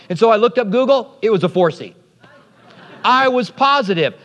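High-voiced preacher in a reverberant hall. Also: male voice, normal speed, long pauses, dull audio. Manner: animated storytelling with acted-out quotes. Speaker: pastor. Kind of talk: sermon.

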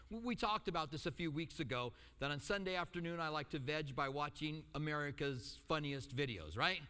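A middle-aged male pastor preaching a sermon, telling stories with lively asides and acting out the quotes. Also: high voice, in a large hall. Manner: animated storytelling with acted-out quotes and asides.

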